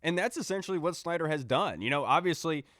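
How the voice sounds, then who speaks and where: A man's voice: on the high side, animated, fast talker, a bit bright, dry recording, studio quality. A man co-hosting a casual sports podcast, talking confidently and reading out listener questions. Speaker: podcast co-host.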